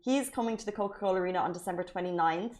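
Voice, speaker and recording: Fast-talking bubbly woman host. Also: mid-range voice, a little mellow. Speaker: show host. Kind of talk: lively news show banter.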